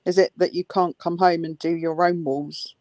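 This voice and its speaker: A woman co-hosting a casual podcast discussion, sarcastic and quick to agree. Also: lowish voice, flat delivery, darkish tone, dry recording. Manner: sarcastic, frequent agreeing fillers. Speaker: co-host.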